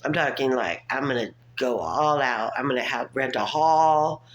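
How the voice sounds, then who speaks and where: A woman's voice: rumbling low, moderate pace. A woman talking to the camera in a casual, rambling monologue, chatty and laughing often. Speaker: vlogger.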